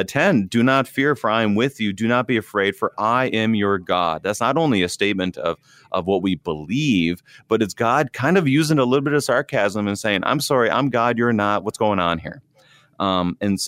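Animated male preacher, dry close sound. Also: fairly low pitch, dry recording. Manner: animated, self-deprecating, quotes scripture. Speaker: preacher and co-host. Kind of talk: conversational Bible discussion.

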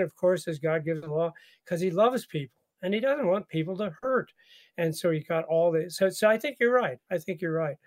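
A fairly high-pitched man runs a conversational radio Bible study, full of energy and frequent laughter, often repeating words mid-thought.

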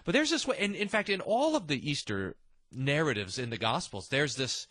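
A man's voice: on the high side, very animated, normal speed, a bit bright, no echo, studio quality. A man hosting a devotional podcast, talking earnestly and animatedly, often restarting his sentences. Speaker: podcast host.

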